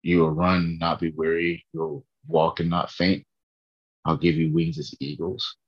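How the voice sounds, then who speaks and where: This low-pitched man speaks unhurriedly with little pitch movement and a breathy edge, and the recording has its highs cut off. He's tired and recording a casual faith vlog in his bedroom, earnestly rambling about his morning prayer and chuckling at himself along the way.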